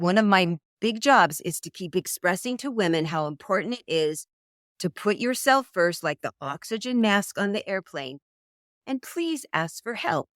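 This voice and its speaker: A middle-aged woman talking as a dating coach in an interview, an animated storyteller who acts out quoted voices. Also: medium pitch, no room sound, clean studio sound. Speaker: dating coach, podcast guest. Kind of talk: conversational interview.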